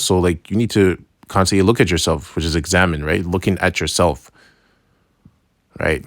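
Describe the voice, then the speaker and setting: Low-voiced man giving a casual Bible lesson. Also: steady tone, moderate pace, no room sound, clean studio sound. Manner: conversational, keeps asking "right?"; slangy, loose phrasing with restarts. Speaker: religious teacher.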